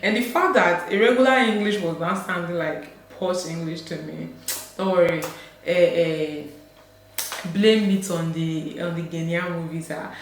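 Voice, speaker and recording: A woman's voice: fairly low pitch, measured pace. Nigerian woman chatting in an echoey room. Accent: Nigerian Delta. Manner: chatty, laughs often, acts out quoted voices. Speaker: vlogger. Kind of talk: casual chat to camera. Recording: very echoey room, faint background hum.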